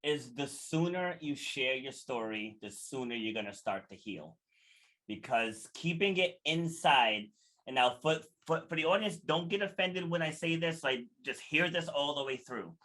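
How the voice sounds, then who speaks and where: A man's voice: a little high, animated, moderate pace, sharp tone. A man speaking as an interview guest, earnest and motivational, retelling conversations as he gives advice. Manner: earnest and motivational, acts out quoted dialogue. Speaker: podcast guest. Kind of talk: casual interview storytelling.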